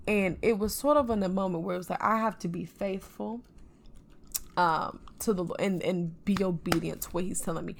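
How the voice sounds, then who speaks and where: A woman co-hosting a casual faith podcast, telling a personal story in an earnest, animated way. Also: lowish voice, moderate pace, gravelly, a little hiss or hum. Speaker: podcast co-host.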